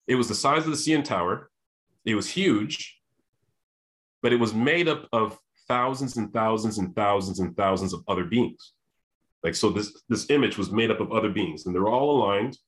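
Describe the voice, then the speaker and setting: Animated storytelling man, lowish voice. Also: normal speed. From Canada. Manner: animated, repeats and restarts, acts out quoted voices. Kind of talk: storytelling monologue.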